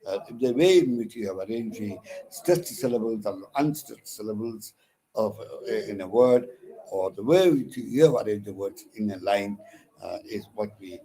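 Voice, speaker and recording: A man's voice: on the low side, moderate pace, dark tone. A man with an Indian English accent giving an online lecture on poetic meter, hesitant with many fillers and restarts, stressing syllables when he reads examples. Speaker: counsellor teaching English literature.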